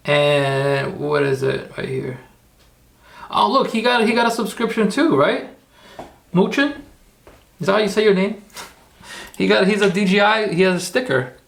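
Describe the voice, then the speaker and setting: A man's voice: high voice, expressive, a little slow, gravelly, pauses often, a bit bright. A man hosting a casual tutorial livestream, rambling, repeating himself and talking to his chat. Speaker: livestream host.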